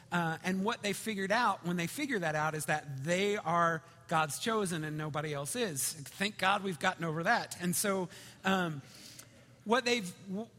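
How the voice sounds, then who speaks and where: A man preaching a sermon in a conversational, storytelling way, swinging between loud and hushed. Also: high-pitched. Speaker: pastor. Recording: reverberant hall.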